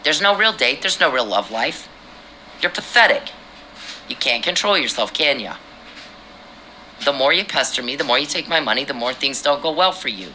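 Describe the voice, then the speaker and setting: A woman's voice: very deep voice, lively intonation, moderate pace, pauses often, bright, forceful tone, a little hiss or hum, rough recording. A woman hosting her own podcast, talking straight at a man she accuses, confrontational and swearing. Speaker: podcast host. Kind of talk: angry personal monologue.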